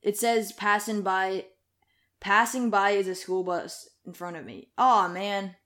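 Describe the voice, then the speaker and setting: A woman's voice: medium pitch, a little slow, fairly bright tone. A woman in casual chat, thinking aloud and spinning out theories.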